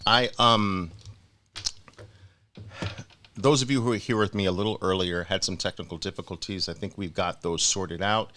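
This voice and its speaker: Man, live stream host, low-ish voice, bright and forceful, hyping up viewers, faint music behind. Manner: energetic, hyping up viewers with repeated calls; greets viewers by place names, then settles into explaining. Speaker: trading educator hosting a live stream. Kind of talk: live online presentation.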